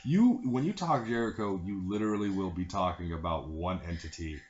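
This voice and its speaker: A man with a fairly low voice who cuts in emphatically to set the record straight and swears without a second thought. He sounds roomy and echoey, and the muffled recording carries a faint hiss underneath. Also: lively intonation, darkish tone. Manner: emphatic, quick to correct others, swears casually. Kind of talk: casual chat.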